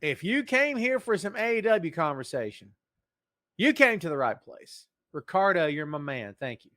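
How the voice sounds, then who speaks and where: A man's voice: on the high side, very animated, moderate pace, pushed and bright, no echo, clean studio sound. A man hosting a casual podcast livestream, joking around and greeting viewers in the chat by name. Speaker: podcast host.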